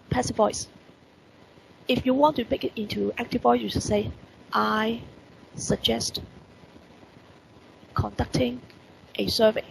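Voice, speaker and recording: Gravelly Hong Kong teacher woman. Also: fairly high pitch, slight background noise, rough recording. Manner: repeats rhetorical questions, stresses key words. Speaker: English teacher. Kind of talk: online lesson explaining report writing. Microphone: computer mic on video call.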